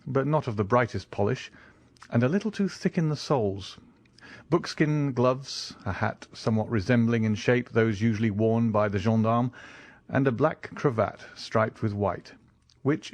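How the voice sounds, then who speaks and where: A man narrating an audiobook in a measured, expressive reading. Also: mid-range voice, no echo. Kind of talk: scripted narration.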